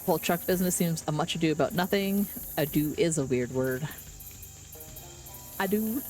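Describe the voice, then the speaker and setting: A woman streaming a game, reading the on-screen text aloud with playful, deadpan asides. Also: low-pitched, brisk, faint music behind. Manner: playful, deadpan asides, does silly frog voices.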